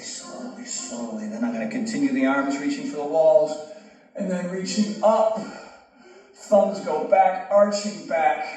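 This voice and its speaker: Upbeat male yoga instructor, slightly high voice, jokes at himself, echoey room, far from the mic. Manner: casual, encouraging, self-joking. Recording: echoey room, distant mic, soft music.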